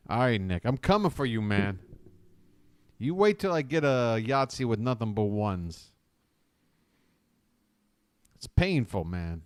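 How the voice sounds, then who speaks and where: A man streaming a game live, griping, trash-talking his opponent and complaining about his bad luck in a casual, animated way. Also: fairly low pitch, no echo. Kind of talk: casual live-stream commentary while gaming. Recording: loud music playing behind. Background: loud music.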